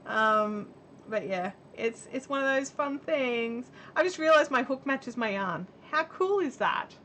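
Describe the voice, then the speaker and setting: On a camera-mic live stream from her home, a middle-aged Australian woman crochets while chatting in a rambling way and reading out viewer comments. Her voice sits high with lively intonation, a measured pace and a fairly bright tone, over slight background noise.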